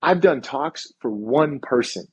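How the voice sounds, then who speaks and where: A man's voice: medium pitch, expressive, measured pace, slightly rough. A man, a chiropractor guest on a podcast, telling a story in casual chat and acting out the dialogue, swearing now and then.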